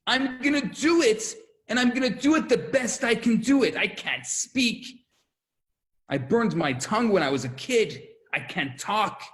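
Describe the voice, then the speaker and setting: A man playing Moses, who pleads earnestly with God and swings from low and humble to loud and resolved. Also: expressive, unhurried. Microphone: video call.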